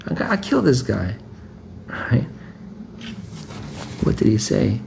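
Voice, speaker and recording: A man's voice: lowish voice, very animated, slow pace, creaky, long pauses, darkish tone, a little hiss or hum. A man preaching informally, reading scripture and then explaining it in a conversational way that keeps checking in with "right?" and repeats his phrases.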